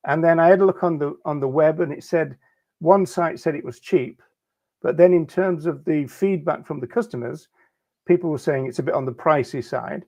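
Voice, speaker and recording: Measured man thinking aloud. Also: fairly high pitch, a little mellow. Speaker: podcast co-host. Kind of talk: casual discussion.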